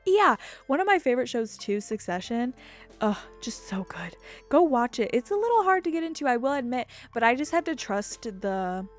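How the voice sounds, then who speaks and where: Rambling, excitable young woman gamer. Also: on the high side, moderate pace, soft background music. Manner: rambling, excitable, swears freely. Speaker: gaming YouTuber. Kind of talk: casual gameplay commentary.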